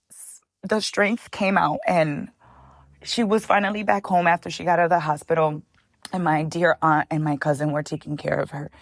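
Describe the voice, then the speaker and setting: This woman speaks in a lower register and tells heartfelt family stories with lively feeling, calling the listener "honey" and dropping in Spanish phrases. Her voice sounds close and dry, with no room echo. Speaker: guest, chef and cookbook founder. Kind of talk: emotional personal storytelling.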